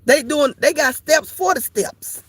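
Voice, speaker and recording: A woman's voice: high-pitched, measured pace, no echo. A woman leading an informal Bible study, repetitive and playful, laughing often as she preaches.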